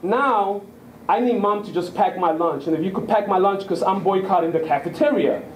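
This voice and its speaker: An earnest eight-year-old boy full of grievance, halting on "um" and "like", as a man quotes him in his own lowered voice. The sound is echoey, with a faint hiss. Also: natural voice. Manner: hesitant, full of "um" and "like".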